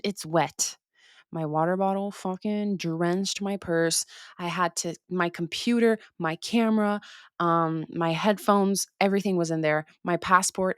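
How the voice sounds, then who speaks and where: A young woman hosting a podcast, telling a story in a casual, animated way, swearing freely and acting out her own reactions. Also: on the low side, dry recording, clean studio sound. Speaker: podcast host.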